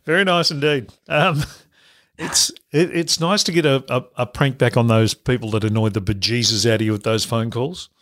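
A man's voice: mid-range voice, moderate pace, a bit bright. A man hosting a casual chat, asking eager questions. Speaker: host.

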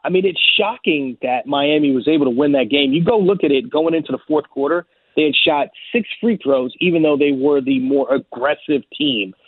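A man's voice: a little high, normal speed, hardly any pauses, no room sound. A man arguing basketball takes on a sports talk show, emphatic and confident. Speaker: basketball analyst. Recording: tinny phone-like audio.

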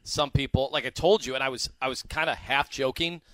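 A man co-hosting a sports radio show, joking and teasing his partner with a lively, playful delivery. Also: mid-range voice, brisk. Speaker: radio co-host. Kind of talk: casual sports radio banter.

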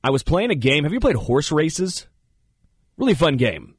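Animated, rambling male talk-show host. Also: fairly high pitch, moderate pace, breathy edge, no echo, studio quality. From Kansas City area. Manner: rambling, animated storyteller who jumps into funny voices. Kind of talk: casual studio banter.

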